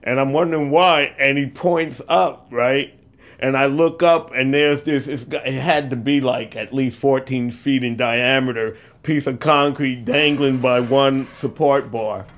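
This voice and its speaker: An older man from California telling a personal story, halting and reflective, with pauses and fillers. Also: medium pitch, steady tone, fairly bright tone. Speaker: eyewitness storyteller. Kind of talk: personal story told in interview.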